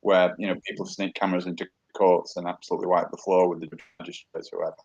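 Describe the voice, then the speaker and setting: A man hosts a relaxed conversation and talks plainly and easily with his guest. His voice sits fairly low. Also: fast, slightly rough, dull audio. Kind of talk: casual chat.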